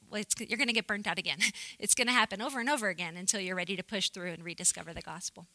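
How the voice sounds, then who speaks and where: A woman giving an earnest, animated Bible teaching to a women's group, often laughing as she talks. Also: on the high side, dry recording, rough recording.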